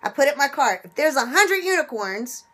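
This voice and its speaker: A woman hosting a casual instructional talk, animated, who acts out little scenes while she explains. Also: high-pitched, fairly quick. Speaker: penny shopping video host.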